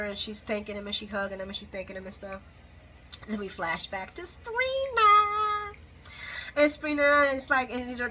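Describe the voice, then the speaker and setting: A woman giving a lively, casual recap of a soap opera, laughing often and acting out the characters' lines. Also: mid-range voice, a little hiss or hum. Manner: animated, laughs often, acts out quotes.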